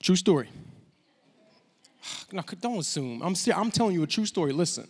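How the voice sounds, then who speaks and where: Joking pastor in a reverberant church hall. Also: male voice, sits high, sing-song, moderate pace, slightly rough, soft background music. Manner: casual, joking, self-deprecating. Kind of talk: sermon storytelling.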